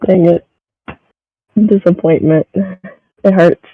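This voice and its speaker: Man, high mellow voice, slow talker, giggly and self-mocking, casual chat, slightly muffled mic. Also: level tone, a little hiss or hum. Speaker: co-host.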